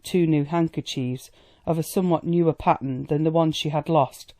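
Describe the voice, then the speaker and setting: An audiobook narrator reading a period novel in a measured, even way. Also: mid-range voice.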